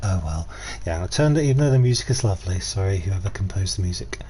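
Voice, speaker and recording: A chatty middle-aged man with a low voice rambles through casual stream commentary. He swears freely and laughs easily. Faint background sound sits under his voice. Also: expressive, fast, warm tone, a little hiss or hum.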